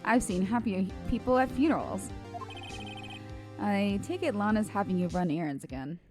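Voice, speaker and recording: A woman voicing a gruff male police detective, attempting a Boston accent while reading game dialogue aloud. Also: medium pitch, expressive, brisk, over music, natural voice. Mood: grumbling. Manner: attempted Boston accent, keeps saying pal.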